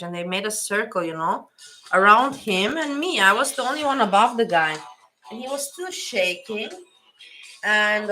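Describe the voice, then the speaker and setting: A woman with tells a story to her viewers in a bright, forceful voice, blunt and swearing, often breaking off and restarting. Faint music plays behind her. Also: medium pitch, low-quality recording. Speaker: livestream host.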